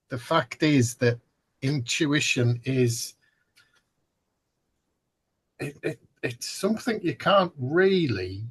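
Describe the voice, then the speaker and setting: A man's voice: medium pitch, a bit bright, breathy edge. A man co-hosting a podcast in casual banter, self-deprecating and joking, with frequent restarts. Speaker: podcast co-host.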